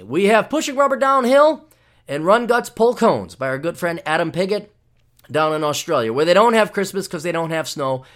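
An American podcast host with a medium-pitched, slightly bright voice delivers a rambling, sarcastic, mock-ranting monologue on his own show.

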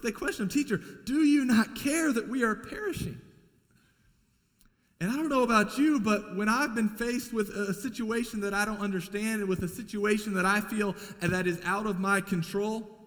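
A man's voice: sits high, a bit bright. A man preaching a sermon as pastor, emphatic and repeating key lines for weight. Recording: long hall reverb.

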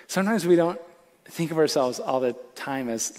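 A male pastor preaching a sermon in an animated, conversational way, full of casual fillers. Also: fairly high pitch, normal speed. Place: church auditorium.

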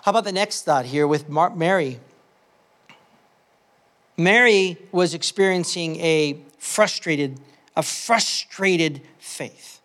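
A man preaching a sermon as a pastor, talking conversationally with fillers and restarts, shifting from hushed asides to loud, impassioned peaks. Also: a little high, slow pace.

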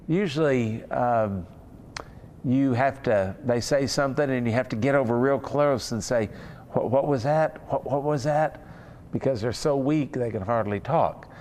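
Conversational man preaching a sermon. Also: mid-range voice. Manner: conversational, unhurried, with fillers and asides.

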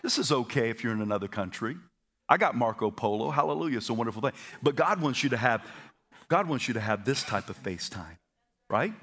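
Man, pastor, sermon, energetic, congregation repeats after him, stammers and asides. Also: medium pitch, a little fast. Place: church auditorium.

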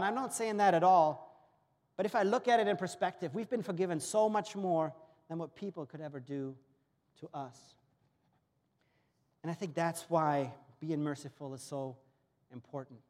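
German-born pastor, earnest sermon delivery, higher voice, reverberant hall sound. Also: male voice, darkish tone. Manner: storytelling with acted-out dialogue, earnest. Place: church auditorium. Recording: long reverb of a church hall.

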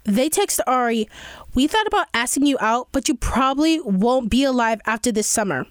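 A woman playing a furious high-voiced teen girl. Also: animated, moderate pace, no room sound, studio quality, lightly acted. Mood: angry. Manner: defiant, heated, clipped retorts. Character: angry fourteen-year-old girl, protective of her friend. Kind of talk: acted skit.

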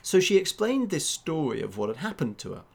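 A man's voice: on the high side, big pitch swings, a little fast, creaky. A man, a journalist and podcast host, telling a story in casual chat and acting out the people he quotes. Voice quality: talks with many fillers and restarts, acting out quoted voices.

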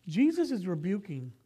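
A pastor with a high-pitched voice and dark tone gives a sermon, reading scripture in a casual, conversational way. He makes frequent asides and corrects himself along the way.

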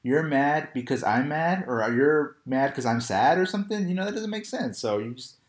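A man's voice: a little high, animated, moderate pace. Young male co-host, easygoing storyteller, echoey room. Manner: laid-back, storytelling, laughs often. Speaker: podcast co-host. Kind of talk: casual chat.

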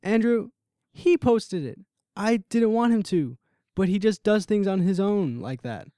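A man's voice: high voice, animated, measured pace, dark tone, clean tone, dry recording, clean studio sound, voice pushed up. A man reading the lines of a young woman who pleads and defends herself while ending a secret romance. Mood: defensive.

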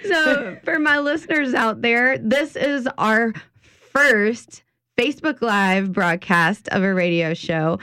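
A woman's voice: on the high side, slow, clear, resonant tone, dry recording, studio quality. Chatty woman radio host. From Louisiana. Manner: chatty, animated, playful storyteller. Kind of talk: casual radio chat. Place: radio studio.

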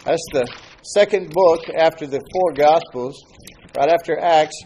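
A man's voice: on the high side, unhurried, warm tone, slight background noise. A man preaching a sermon as pastor, talking to his congregation in a conversational way and asking them questions.

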